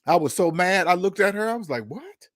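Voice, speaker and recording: A man hosting a casual talk show, telling stories in an animated, profane way, laughing at himself and acting out what others said. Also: high-pitched, fast, dry recording, studio quality. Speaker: podcast host. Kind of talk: casual storytelling monologue. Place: Seattle.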